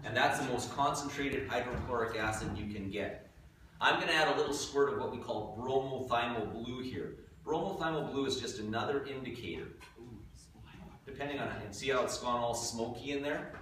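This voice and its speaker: A man's voice: medium pitch, brisk. Man, science teacher, jokey classroom demo, recorded from far off, heavy room echo, noisy background. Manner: jokey, checks in with students. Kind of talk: classroom demonstration. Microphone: far camera.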